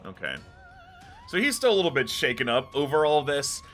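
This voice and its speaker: A man running a tabletop game as game master, relaxed and joking, laughing often. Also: fairly high pitch, brisk, faint music behind.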